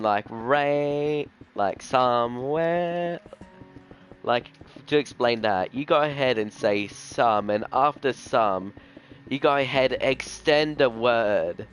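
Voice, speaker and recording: Slow-talking young male streamer. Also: medium pitch, a little hiss or hum. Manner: rambling, slangy, says "bro" a lot. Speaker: gaming streamer. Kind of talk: casual live-stream chat. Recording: faint music behind the voice.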